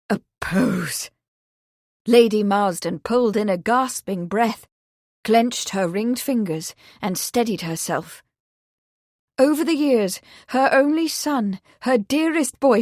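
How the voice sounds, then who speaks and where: A woman reading a mystery novel aloud in an expressive, clear way. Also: medium pitch, no room sound, studio quality. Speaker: audiobook reader. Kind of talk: scripted narration.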